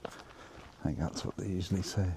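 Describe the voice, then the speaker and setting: A man's voice: sits low, fairly even intonation, moderate pace, gravelly, mellow, a little hiss or hum. A man vlogging casually while walking uphill through a forest, rambling with lots of fillers and a bit out of breath. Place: outdoors in a forest on a hill.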